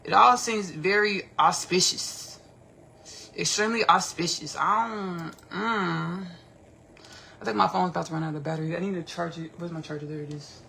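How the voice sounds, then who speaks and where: A woman hosting a casual livestream, talking in an animated, rambling, slangy way and repeating herself often. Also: fairly low pitch, brisk, gravelly, slight background noise. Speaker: podcast host.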